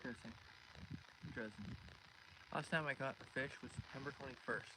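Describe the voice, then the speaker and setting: This man talks at a quick pace and medium pitch as he hosts a live fishing stream from a boat, chatting casually and greeting viewers by name. He streams from his phone, and wind and outdoor noise can be heard.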